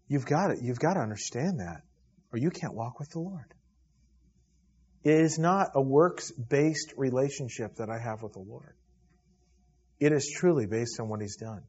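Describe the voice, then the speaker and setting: A man preaches to his church in a husky voice, his delivery rising to loud appeals and sinking to near-whispers. The recording is dull and lo-fi, as if taped during a service. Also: medium pitch. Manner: preaching with swells from loud to hushed. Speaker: pastor. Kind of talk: sermon.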